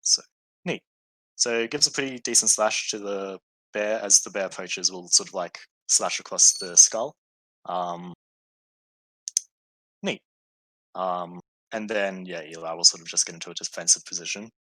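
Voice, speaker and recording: Game master, male, lowish bright voice, hesitant and easygoing, dry close sound. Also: steady tone, normal speed, pauses often, no room sound, poor audio. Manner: hesitant, many fillers, easygoing. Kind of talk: narrating a tabletop game.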